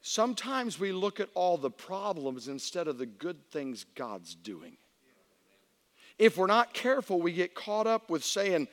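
A middle-aged man, a pastor, telling a personal story in a sermon, animated and acting out voices. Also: high-pitched, a little slow. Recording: long reverb of a large hall.

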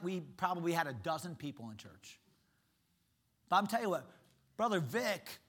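A middle-aged male pastor with a bright, forceful voice that sits a little high for a man. He preaches in an animated, emphatic way, telling stories to make his points. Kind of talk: sermon.

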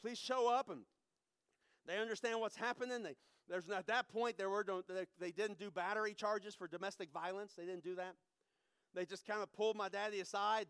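A high-pitched middle-aged man gives a sermon testimony. His voice is smooth and clear, recorded close and dry with no room sound. He drops to near-whispers and then rises loud, repeating phrases for emphasis. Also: steady tone, brisk, dry recording. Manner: emotional, swings from hushed to loud, repeats phrases. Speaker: preacher.

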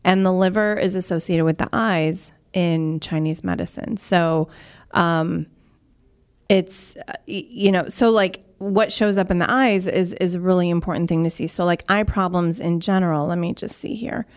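A woman's voice: fairly low pitch, fairly even intonation, moderate pace, clear, resonant tone. A woman, a guest acupuncturist, earnestly explaining health ideas on a radio talk show.

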